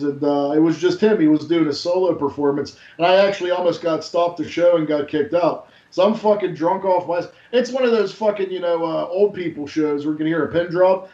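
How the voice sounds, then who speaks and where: A high-pitched man swears his way through excitable stories in loose, casual talk. The sound is roomy and dull, like a lo-fi recording in an echoey room. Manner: profane, excitable storyteller. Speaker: co-host. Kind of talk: casual radio chat.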